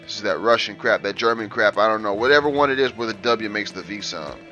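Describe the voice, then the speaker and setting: A man's voice: fairly low pitch, quick pace, sharp tone, highs cut off, faint music behind. A man hosting a casual let's play, brash and trash-talking as he reads game lines aloud and mocks them. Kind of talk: casual gameplay commentary.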